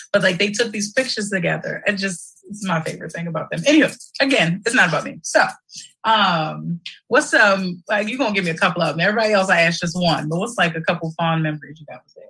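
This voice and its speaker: Woman, livestream host, bright husky voice, animated and emotional, prone to shouting. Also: medium pitch, low-quality recording. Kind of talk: casual livestream chat.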